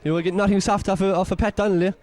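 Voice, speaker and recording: Very high-pitched excitable Irish commentator. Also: male voice, very fast. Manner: excitable, partisan, exclaims and scolds players. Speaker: match commentator. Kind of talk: partisan local sports commentary.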